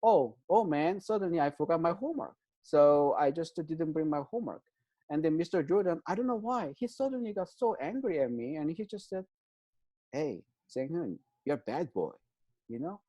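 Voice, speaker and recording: A man speaks as an interview guest, walking a listener through an idea step by step. His voice sits a little high yet sounds soft and mellow. His English is non-native and halting, peppered with "um" and a questioning "right?". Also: lively intonation, dull audio. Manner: hesitant, many fillers, checks in with "right?". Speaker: guest expert on trauma. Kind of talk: explanatory interview talk.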